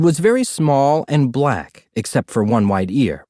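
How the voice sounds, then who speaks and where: A man narrating a storybook in an expressive, animated reading. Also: medium pitch, normal speed, hardly any pauses, dry recording, clean studio sound. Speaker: audiobook narrator.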